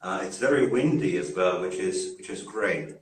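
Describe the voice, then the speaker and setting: Man, middle-aged, from northeast Brazil, British-style accent, relaxed friendly guest, lowish voice, echoey video-call room. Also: normal speed. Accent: British-style English. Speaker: guest, English teacher and teacher educator. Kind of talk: casual chat on a video call.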